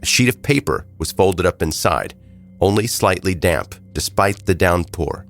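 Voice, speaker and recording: A man's voice: sits low, lively intonation, unhurried, gravelly, a bit bright, faint music behind. A man hosting a true crime podcast, narrating a scripted story with wry, joking asides while he has a head cold. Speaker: podcast host.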